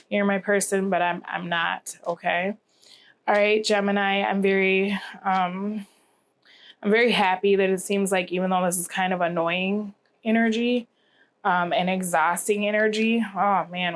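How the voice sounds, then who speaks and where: A tired, yawning woman giving a rambling tarot reading to camera, often asking "okay?". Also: mid-range voice. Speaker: tarot reader.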